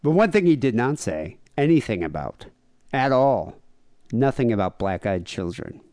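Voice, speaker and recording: A man's voice: medium pitch, very animated, moderate pace, dark tone, no echo, studio quality. A man co-hosting a podcast in casual comedic chat, rambling with lots of fillers and jokey asides. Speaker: podcast co-host.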